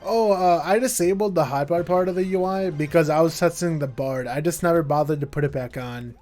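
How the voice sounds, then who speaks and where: A young American man chats loosely to his live-stream audience, rambling and filling gaps with "like" while poking fun at himself. His voice sits a little high for a man. Faint music plays under his talk. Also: fairly quick, darkish tone. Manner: rambling, says "like" a lot, self-mocking. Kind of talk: casual live-stream chat.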